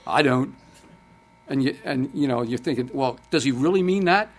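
A man's voice: medium pitch, animated, normal speed. An older man preaching a sermon, speaking conversationally, quoting scripture and putting questions to the congregation.

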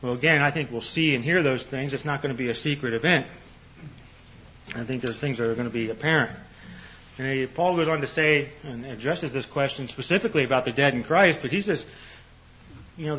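An older man teaching on a Bible passage in a conversational sermon, full of "you know" fillers and restarts. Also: on the high side. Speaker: preacher. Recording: slightly dull lo-fi recording.

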